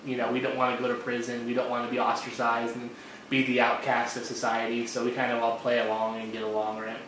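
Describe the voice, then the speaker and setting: A man co-hosting a casual podcast chat, rambling and halting, full of fillers and repeated words. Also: mid-range voice, completely flat delivery, a bit bright. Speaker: podcast co-host. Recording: very echoey room with faint noise.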